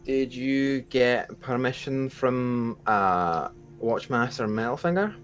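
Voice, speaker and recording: A man's voice: mid-range voice, takes it slowly, soft background music, pitched above the performer's own voice, lightly acted. A man voicing a dutiful male mine gate guard who is polite, apologetic and worried about his job. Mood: officious. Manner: polite, apologetic, rule-bound.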